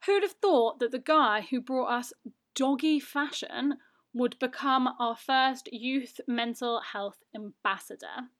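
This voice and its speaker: Casting: young British woman, chatty self-mocking podcast host, a touch high-pitched. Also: slow pace, fairly bright tone. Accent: British English. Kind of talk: casual solo podcast monologue.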